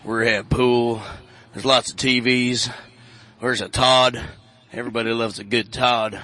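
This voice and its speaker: A man's voice: mid-range voice, little pitch movement, normal speed, pushed and bright. A man who plays in a karaoke band, a guest on live radio, talking playfully while he promotes the event. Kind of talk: casual live radio chat.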